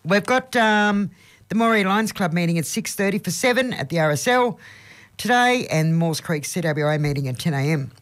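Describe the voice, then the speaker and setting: An Australian man hosting community radio, reading out local listings in a chatty way with plenty of ums, his voice croaky and hoarse. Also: high-pitched, animated, moderate pace, a bit bright. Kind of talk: casual radio announcing. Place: radio studio.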